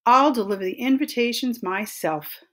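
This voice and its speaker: A woman's voice: a little high, lively intonation, normal speed, fairly bright tone, pitched above the performer's own voice. A woman voicing a hardworking, fed-up female iguana in a storybook read-aloud, emphatic and exasperated. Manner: eager, then exasperated, emphatic.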